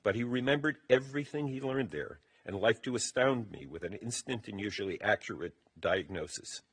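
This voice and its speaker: Husky man giving a eulogy. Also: lowish voice, expressive. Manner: measured, reading from a text. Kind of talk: funeral eulogy, prepared remarks. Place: funeral service.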